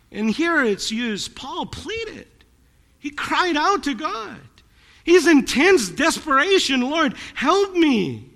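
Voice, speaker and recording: A man's voice: sits high, fairly bright tone, long reverb tail. A man pastor preaching a sermon to his congregation in a church, earnest and dramatic. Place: church sanctuary.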